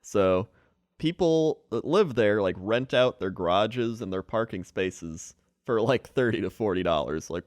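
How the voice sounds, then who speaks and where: Animated man telling stories on a podcast. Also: a little slow, dry recording, studio quality. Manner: animated storyteller, acts out people in high voices. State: sick with flu. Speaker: podcast co-host. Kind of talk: casual chat.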